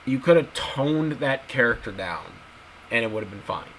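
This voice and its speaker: A man's voice: mid-range voice, animated, normal speed, a bit bright, slight background noise, rough recording. A man in casual video commentary, talking to his viewers and repeating his points emphatically. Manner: repetitive, emphatic, addresses viewers as guys. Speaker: YouTube commentator.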